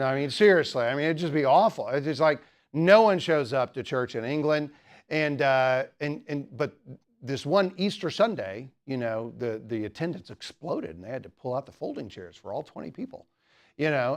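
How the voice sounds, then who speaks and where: A man's voice: mid-range voice, moderate pace. A man giving a humorous teaching talk at a student apologetics club, rambling with many jokes and asides.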